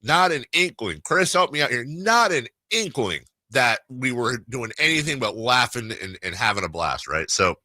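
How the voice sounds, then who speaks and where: A man's voice: medium pitch, very animated, moderate pace, hardly any pauses, bright, forceful tone, dry recording. A man hosting a sports radio talk show, telling a rambling story in casual chat with many restarts. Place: radio studio.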